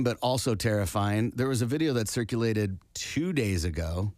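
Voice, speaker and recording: A man's voice: on the low side, normal speed, darkish tone, no echo. A man co-hosting a podcast in casual chat, telling a story with wry asides. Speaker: podcast co-host.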